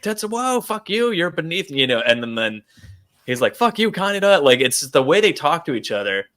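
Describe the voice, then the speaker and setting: A man chatting casually as a podcast co-host, his voice bright and forward. He rambles through his points with plenty of fillers, slipping into quick acted-out lines of dialogue. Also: mid-range voice. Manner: rambling, acts out quotes, many fillers. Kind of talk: casual chat.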